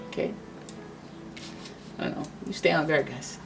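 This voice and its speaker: A woman's voice: low voice, fairly even intonation, moderate pace, creaky, music in the background, low-quality recording. A woman giving a casual tarot reading, chatty and dramatic, often acting out what people might say. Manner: chatty, dramatic, acts out quoted voices. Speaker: tarot reader.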